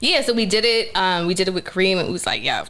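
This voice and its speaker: A young actress telling a story in a casual interview, animated and laughing, acting out what others said. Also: female voice, medium pitch, quick pace. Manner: animated, laughing storyteller who acts out quotes. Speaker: actress guest.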